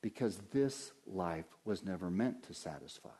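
Impassioned male preacher, hushed to soaring. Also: expressive, measured pace. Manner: swings from hushed lows to loud impassioned highs; earnest, preacherly, addresses listeners as beloved. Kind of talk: sermon.

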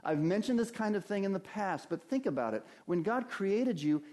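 A man preaching a sermon at a church service as its pastor, earnest, lifting his voice on key phrases and sinking low at the ends of thoughts. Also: sing-song, measured pace, mellow.

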